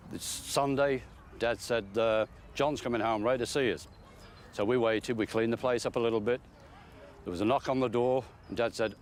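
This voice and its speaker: A man's voice: mid-range voice, a little hiss or hum. An older man, plainly recalling his brother in a documentary interview. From Manchester, England. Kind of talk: family memories in documentary interview.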